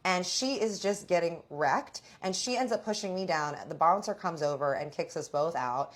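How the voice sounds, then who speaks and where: Young woman doing storytime, super animated and lively, lowish voice, swears a lot. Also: husky. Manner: animated, dramatic, swears freely. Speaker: storyteller vlogger. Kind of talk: casual storytime.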